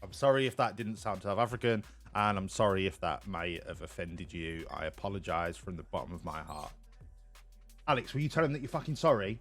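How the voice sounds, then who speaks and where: A man's voice: low voice, expressive, brisk, fairly bright tone, faint music behind. A man casually commentating a game on a live stream, joking, swearing and laughing often. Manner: jokey, profane, laughs often.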